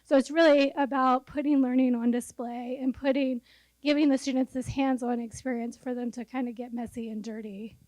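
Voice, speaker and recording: A woman's voice: sits high, fairly even intonation, normal speed, a little mellow, dry recording, poor audio. A woman architect casually presenting a building project at a conference. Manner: casual, with fillers.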